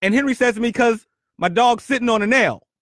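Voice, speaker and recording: A man hosting his own podcast, telling a story in a punchy, animated way and often repeating words. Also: extremely high pitch, fairly quick, no room sound, clean studio sound. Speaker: podcast host. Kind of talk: storytelling monologue.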